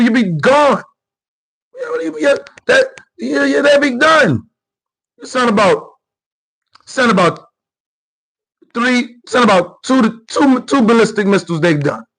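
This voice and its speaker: A man with a high, lifted voice runs his own political commentary show. He talks off the cuff, circling back on the same phrases in slangy, combative bursts, as if arguing straight at the person on screen. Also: rough recording. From New York. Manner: animated, repetitive, slangy and confrontational.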